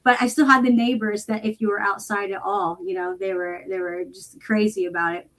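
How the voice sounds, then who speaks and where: A woman's voice: mid-range voice, fairly even intonation, brisk, fairly bright tone, low-quality recording. A woman from Indiana, a podcast guest in casual chat, blunt and profane, laughing easily.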